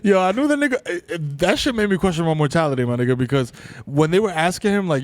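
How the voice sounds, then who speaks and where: New dude cohosting a podcast, excitable swearing storyteller, bouncy pitch, dead dry close mic. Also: male voice, fast talker, dry recording. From the Bronx, New York. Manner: excitable, profane storytelling with shouted asides. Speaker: podcast co-host. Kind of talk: casual comedic banter.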